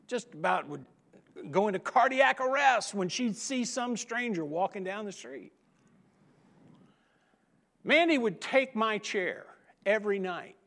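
A middle-aged man preaching a sermon, telling humorous stories with dramatic pauses and emphatic repetition. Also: high-pitched, fairly bright tone. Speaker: pastor.

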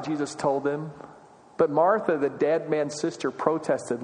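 A man's voice: on the high side, fairly even intonation, unhurried. A man preaching a sermon as pastor, earnest and conversational, often asking questions aloud. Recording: long reverb of a large hall.

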